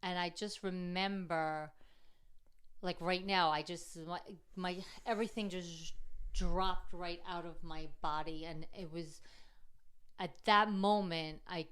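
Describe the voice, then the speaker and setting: Middle-aged mom as podcast guest, lower register, smooth clear tone, tells an emotional story with lively quoted dialogue. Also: female voice, measured pace. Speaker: guest, mother of the host. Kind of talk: casual heart-to-heart storytelling.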